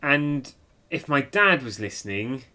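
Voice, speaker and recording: A man hosting a casual album review chat, easygoing and presenter-like, often pausing on fillers. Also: mid-range voice, sing-song, sharp tone. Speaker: podcast host.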